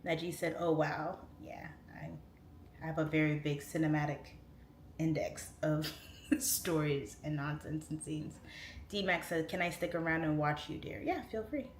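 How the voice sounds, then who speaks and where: A chatty woman in her late thirties talks through a casual livestream, reading comments and wandering off on tangents. Her voice sits a little low for a woman. The room has a noticeable echo with faint noise behind her. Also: steady tone, a little slow. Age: 30s. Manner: chatty, laughing, goes off on tangents. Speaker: livestream host.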